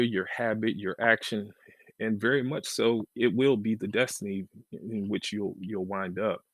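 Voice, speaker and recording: A man's voice: fairly low pitch, no room sound. A man teaching futures trading on a live question-and-answer stream, talking casually and repeating his phrases as he thinks aloud. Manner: casual, repeats and restarts phrases, emphatic swings in loudness. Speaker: trading educator.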